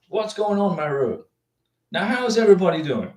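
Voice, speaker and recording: A man's voice: high voice, sing-song, moderate pace, darkish tone, recorded from a distance. Chatty man in a roomy office. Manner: chatty, rambling, repeats himself often. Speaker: livestream host answering visa questions. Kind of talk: casual livestream chat reading viewer comments. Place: home office with a cat. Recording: roomy echo, off-mic.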